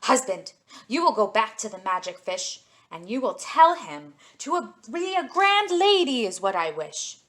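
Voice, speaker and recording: A woman's voice: a little high, sing-song, unhurried, a bit bright. A woman voicing a fisherman's greedy wife who is bossy and insistent in a storybook reading. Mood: demanding.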